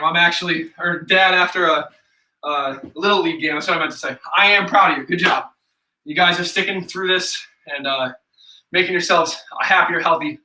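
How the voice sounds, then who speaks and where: Young upstate New York man, fitness instructor, high bright voice, echoey room, mic set back. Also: far from the mic. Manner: casual, chatty, counts reps aloud. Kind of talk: live follow-along workout instruction.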